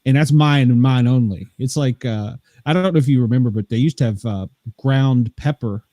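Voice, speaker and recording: Brief: man from the US South, warm mellow voice, dry close sound, unhurried and halting. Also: medium pitch, no room sound. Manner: laid-back, halting with fillers. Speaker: podcast guest. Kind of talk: casual chat.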